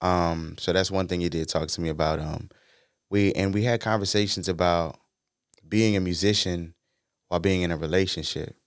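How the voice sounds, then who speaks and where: A man with a low, smooth voice, talking as a podcast guest. He tells stories in a relaxed, slangy way with plenty of easy fillers. The sound is dry and close. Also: normal speed, dry recording. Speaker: guest, R&B singer-songwriter. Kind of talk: casual podcast conversation.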